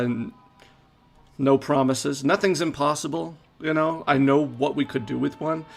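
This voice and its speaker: A man, a game director, giving live playthrough commentary and answering viewer questions in a relaxed, halting way. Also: mid-range voice, creaky. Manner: relaxed, hesitant with fillers.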